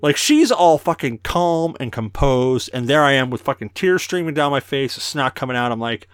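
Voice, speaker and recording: A man's voice: mid-range voice, lively intonation, normal speed, hardly any pauses, smooth, no room sound. A man hosting a casual podcast, telling crude stories and laughing often, a bit tipsy. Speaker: podcast host.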